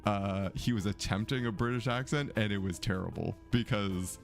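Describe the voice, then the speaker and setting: A man's voice: lowish voice, normal speed, gravelly, soft background music. A man streaming a mystery game, chatting casually with his viewers and laughing often. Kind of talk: casual live-stream commentary.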